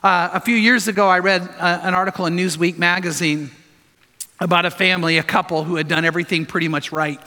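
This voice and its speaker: High bright guy preaching, storytelling w/ lots of questions to the crowd, big echoey church. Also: fairly even intonation, fairly quick. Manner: emphatic storytelling with rhetorical questions to the congregation. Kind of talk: sermon. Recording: long reverb of a large hall.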